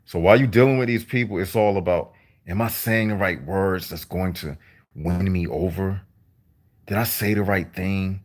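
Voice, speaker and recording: A man delivering a deliberate, repetitive, preachy monologue to his viewers on a livestream. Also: sits low. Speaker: vlogger.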